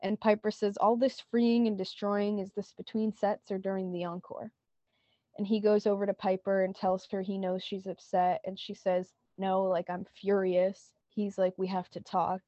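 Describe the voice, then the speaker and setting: A woman's voice: medium pitch, little pitch movement, moderate pace, warm tone, no room sound, dull audio. A woman co-hosting a podcast, retelling a TV scene in casual chat and quoting lines with lots of "like". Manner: retells scenes with many "like" quotes. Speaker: podcast co-host.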